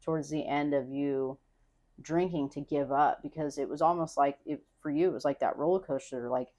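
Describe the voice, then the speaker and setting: Young woman, low voice, frank and rambling, lots of filler words, swears casually, podcast guest chat. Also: fairly even intonation, fairly quick, mellow. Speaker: podcast guest, host's wife. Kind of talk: casual heartfelt conversation.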